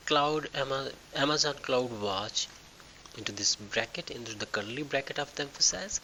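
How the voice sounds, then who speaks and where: Bright-voiced man teaching a software tutorial. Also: medium pitch, a little hiss or hum, rough recording. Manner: halting, thinking aloud with fillers and restarts. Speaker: tutorial instructor. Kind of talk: screen-recorded software tutorial.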